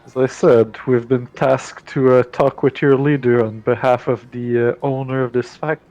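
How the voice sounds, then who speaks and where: A man's voice: mid-range voice, flat delivery, moderate pace, a little mellow, close to an everyday voice. A man plays a polite cleric-like diplomat in a tabletop game, courteous and soothing in tone. The voice comes over dull, lo-fi audio. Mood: placating.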